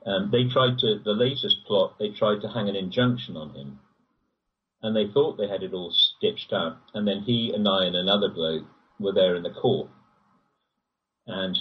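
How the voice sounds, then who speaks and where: A man with a very husky, breathy voice and a fairly low pitch, caught from a distance on a dull lo-fi recording. He talks in long rambling runs, his pitch leaping up whenever he presses a point. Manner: rambling, animated, pitch jumps when emphatic. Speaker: guest. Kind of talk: conversational interview.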